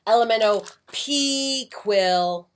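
Slow, expressive storytime woman. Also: on the high side. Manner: expressive read-aloud, soft asides. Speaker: children's story reader. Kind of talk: reading a picture book aloud with chatty asides. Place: porch, outdoors.

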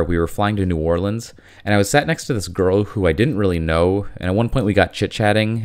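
A man in his thirties hosting his own channel in a chatty, self-deprecating way, his voice roughened by illness. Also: low voice. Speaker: YouTube channel host. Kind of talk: casual talking-head vlog.

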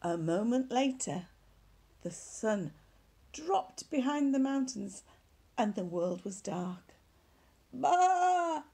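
A woman reading a children's story aloud at church, animated, dropping to hushed whispered asides. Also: mid-range voice, takes it slowly, gravelly, breathy edge.

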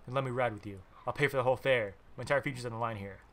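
A man's voice: medium pitch, rapid-fire, close to an everyday voice. A man voicing a desperate young man who begs urgently for help while reading a game aloud. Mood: pleading. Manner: pleading, urgent. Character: desperate pleading young man begging for a cab.

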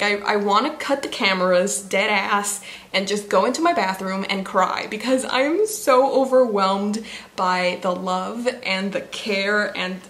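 A woman's voice: mid-range voice, fairly bright tone. A young woman vlogging about books she was given, gushing and giggly, with lots of fillers. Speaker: book vlogger. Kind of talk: casual vlog unboxing. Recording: echoey room with faint noise.

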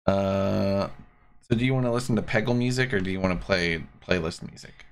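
A man's voice: deep voice, a little fast, creaky. A man streaming from his desk, chatting casually and bluntly while explaining a game's rules. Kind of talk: casual live-stream chat. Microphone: desk mic on a streaming setup.

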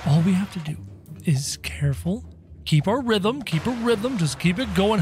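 A gaming video narrator giving excitable, playful let's-play commentary in character, bursting into yelps and laughter. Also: mid-range voice, moderate pace, soft background music.

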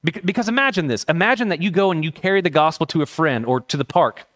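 A man's voice: a little high, animated, fast, a bit bright. A male pastor preaching a sermon, earnest and impassioned, telling personal stories. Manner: storytelling with personal anecdotes. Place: church.

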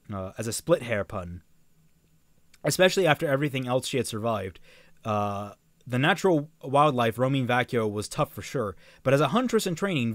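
Young male streamer reading a book aloud, lively sing-song pitch, dry close sound, trips over lines and adds joking asides. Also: no echo. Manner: stumbles and rereads phrases, breaks off to comment.

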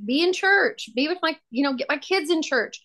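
A woman's voice: high voice, lively intonation, normal speed, sharp tone. A woman sharing her testimony as a podcast guest, fervent and emphatic, repeating key phrases for weight. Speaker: podcast guest, prayer ministry founder.

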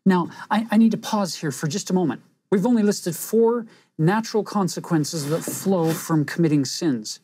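A woman teaching a scripture lesson in an earnest, reflective way, pausing for emphasis. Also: fairly low pitch, dark tone, breathy edge, dry recording.

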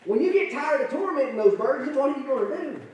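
A man's voice: very high-pitched, lively intonation, brisk, a little mellow, pitched above the performer's own voice. Guy as an old-time preacher asking straight questions, far off and echoey. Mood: questioning. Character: kindly insistent old-time male preacher.

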